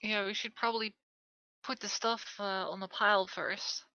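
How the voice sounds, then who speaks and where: A woman taking part in a tabletop game as a player, brisk as she runs through her gear. Her voice is bright. The recording is dry and slightly dull, like a call mic. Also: mid-range voice, steady tone, dry recording. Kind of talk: tabletop game session over voice chat.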